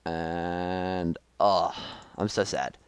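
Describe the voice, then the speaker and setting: Young male gaming creator, smooth clear voice, dry close sound, frustrated live commentary. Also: sits low, steady tone, very slow, no echo. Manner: frustrated, self-critical running commentary with sudden outbursts.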